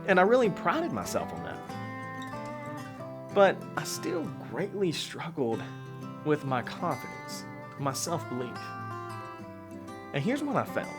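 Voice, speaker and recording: A man's voice: on the high side, huge pitch swings, measured pace, pauses often, music in the background. A man speaking as a motivational coach, talking earnestly and conversationally and repeating phrases for emphasis. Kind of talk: motivational monologue to camera.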